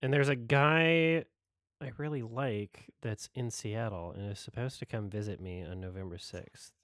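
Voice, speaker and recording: A man hosting a watch-along stream, talking in a relaxed, offhand, casual way. His voice is smooth and clear, recorded close and dry with no room sound. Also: medium pitch, moderate pace, dry recording. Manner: relaxed, offhand, with laughs and fillers. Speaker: host of a movie watch-along. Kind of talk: casual chat.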